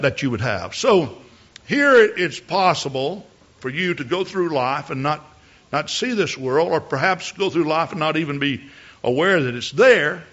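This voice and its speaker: A man's voice: fairly high pitch, fairly bright tone, dull audio. A male preacher giving a sermon from the pulpit, often repeating words as he builds a point and rising to emphatic peaks. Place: church pulpit.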